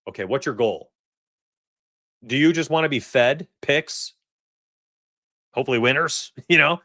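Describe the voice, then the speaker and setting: Excitable forties man hosting a stream. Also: medium pitch, moderate pace, pauses often, dry recording, clean studio sound. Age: 40s. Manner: excitable, chatty, laughs often. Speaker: sports betting livestream host. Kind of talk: casual livestream chat.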